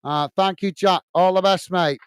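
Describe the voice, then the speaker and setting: A man's voice: sits high, fairly even intonation, moderate pace, a little hiss or hum. An English man hosting a live football watch-along, casually reading out viewer comments and giving friendly, repetitive sign-offs with lots of fillers.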